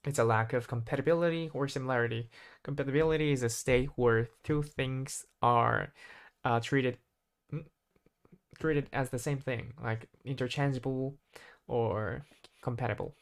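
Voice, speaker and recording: Halting man thinking aloud while studying. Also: medium pitch, fairly even intonation. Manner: hesitant, halting, constantly restarting and self-correcting. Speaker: English learner. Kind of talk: self-study vocabulary practice, thinking aloud.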